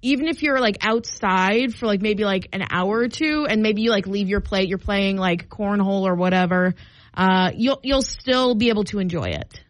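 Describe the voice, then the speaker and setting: A woman's voice: medium pitch, moderate pace, no room sound, low-quality recording. A woman in her twenties co-hosting morning radio, chatty and rambling with lots of filler words. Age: 20s. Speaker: radio morning show co-host. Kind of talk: casual radio banter. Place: radio studio.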